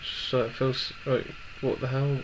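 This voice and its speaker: A young man in his twenties telling a personal story in a halting, emotional way with many restarts. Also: medium pitch, little pitch movement, background noise. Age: 20s. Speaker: vlogger.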